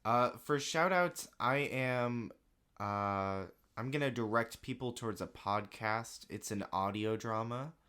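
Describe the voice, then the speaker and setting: A man's voice: medium pitch, measured pace, sharp tone, smooth. Young man, loose casual podcast chat. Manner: loose, chatty, lots of uh and like. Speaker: podcast co-host.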